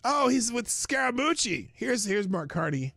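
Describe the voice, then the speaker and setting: A man's voice: extremely high pitch, sing-song, moderate pace, creaky, pushed and bright, dry recording. A man with a Minnesota accent hosting a livestream, reading news aloud with sarcastic asides. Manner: sarcastic, laughs at own jokes. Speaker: livestream host.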